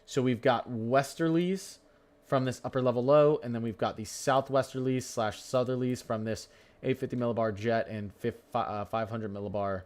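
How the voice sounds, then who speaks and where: A man's voice: medium pitch, steady tone, normal speed, darkish tone. A young man hosting a live weather stream, talking through radar warnings in a chatty, rambling way and stumbling over place names.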